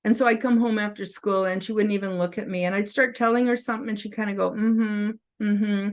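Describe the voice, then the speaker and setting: A woman in her fifties hosting her own show, telling a personal story to camera in an earnest, openly emotional way, tearful and halting with restarts. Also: mid-range voice, fairly even intonation. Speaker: host.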